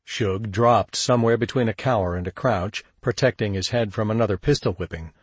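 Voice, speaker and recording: A man narrating a crime story in a steady, measured audiobook read. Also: fairly low pitch, breathy edge, dry recording. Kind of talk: scripted narration.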